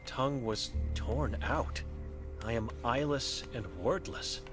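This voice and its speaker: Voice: medium pitch, slow pace, music in the background, natural voice. A game voice actor playing an old blind, mute woman who speaks in grim, clipped fragments. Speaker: game character.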